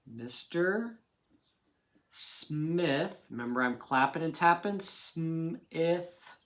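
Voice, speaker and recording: A man's voice: on the high side, animated, slow pace, fairly bright tone. A man teaching a children's phonics lesson, patiently sounding out words syllable by syllable.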